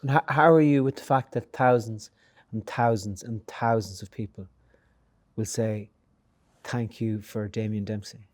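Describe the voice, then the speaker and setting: Middle-aged Irish male host: anecdotal, easygoing, with a warm voice recorded dry and close. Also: fairly low pitch, steady tone, unhurried, dry recording. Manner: chatty storyteller, laughs through anecdotes. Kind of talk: conversational interview.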